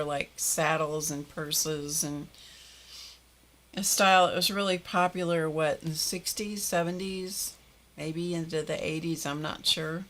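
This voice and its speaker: A woman's voice: low voice, fairly bright tone. An older woman hosting a live stream, chatting casually with viewers, greeting them by name and laughing often. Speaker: livestream host greeting viewers. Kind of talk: casual chat reading viewer comments.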